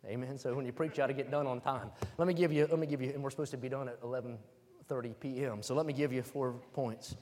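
A man from West Virginia preaching a humorous sermon, joking with the room and calling for amens as he builds to loud, emphatic points. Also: medium pitch, fairly even intonation, quick pace. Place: church hall. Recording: reverberant hall.

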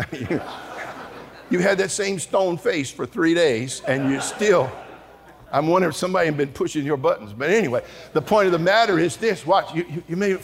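A man preaches to a big hall full of young people, spinning comic stories with lots of bounce. His voice sits high for a man, and he swings from quiet, slow asides to loud shouted climaxes. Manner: animated, comic, shouts at peaks. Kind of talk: storytelling sermon. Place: large church auditorium before an audience.

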